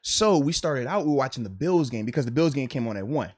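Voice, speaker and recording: A man with a lively, swooping voice tells a family story in loose, casual podcast talk. He laughs often as he goes. The recording is dry and close to the mic. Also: mid-range voice, quick pace, no room sound. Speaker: podcast host, former player.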